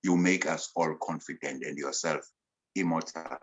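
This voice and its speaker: A South African man giving an emphatic motivational talk over a video call, swinging between loud and soft. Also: a bass voice, fairly even intonation, moderate pace, husky, muffled recording. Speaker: motivational speaker.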